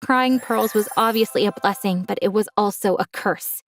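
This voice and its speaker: A woman's voice: medium pitch, normal speed. A young woman telling a dramatic first-person story, gasping now and then for effect.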